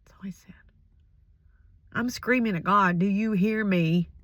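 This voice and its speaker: Emotional older woman, halting and hushed. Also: mid-range voice, dry recording, muffled recording. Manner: emotional, halting, often dropping to a whisper. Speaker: vlogger sharing a personal story. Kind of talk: personal spoken reflection.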